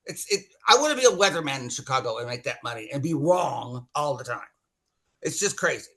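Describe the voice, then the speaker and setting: A man's voice: mid-range voice, a little fast. A man co-hosting a podcast, ranting and joking. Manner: animated, ranting, jokey. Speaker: podcast co-host. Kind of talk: casual chat.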